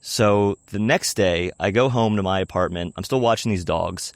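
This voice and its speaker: Low-voiced man telling a raw personal story. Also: normal speed, dry recording, studio quality. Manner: emotional, confessional, swears casually, swings between hushed and animated.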